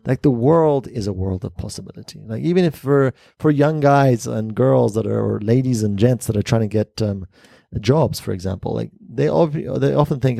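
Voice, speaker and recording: A man, a crypto company founder, talking as a guest in a casual interview and telling stories in an animated way. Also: mid-range voice, moderate pace, vocal fry, few pauses, dry recording. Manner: animated storyteller.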